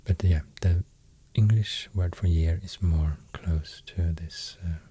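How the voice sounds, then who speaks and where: A man with a Swedish accent giving a soft-spoken ASMR talk, half-whispering and pausing often with fillers. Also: low-pitched, steady tone, slightly rough. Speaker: ASMR host explaining runes.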